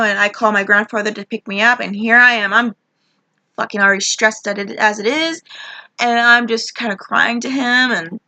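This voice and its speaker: A woman's voice: a little high, pushed and bright, dry recording. A young woman telling a frustrated, rambling story about her job, swearing a lot as she vents. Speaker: vlogger. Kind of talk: ranting personal story.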